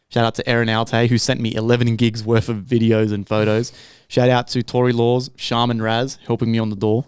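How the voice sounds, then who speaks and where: Blunt, profane podcast host. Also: male voice, medium pitch, clear, resonant tone, no echo, studio quality. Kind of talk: casual podcast chat.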